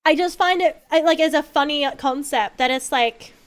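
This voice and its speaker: A woman streamer chatting casually while gaming, rambling and expressive, with lots of fillers and swearing. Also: sits high, moderate pace.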